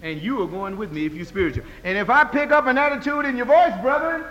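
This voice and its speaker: A man preaching a sermon as pastor, with call-and-response rhythm, moving from low talk to loud high cries. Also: fast, muffled recording. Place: church. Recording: long reverb of a church hall.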